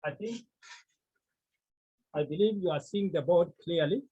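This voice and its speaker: A man teaching a class, speaking slowly and repeating key terms as he explains step by step. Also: a little high, mellow, dull audio, a little hiss or hum. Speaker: Greek teacher. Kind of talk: classroom lesson.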